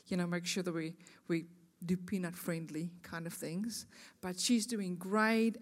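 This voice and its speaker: South African woman speaking at a ministry. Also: fairly low pitch. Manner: chatty, joking, warm with the audience. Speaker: guest speaker. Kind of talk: women's ministry talk.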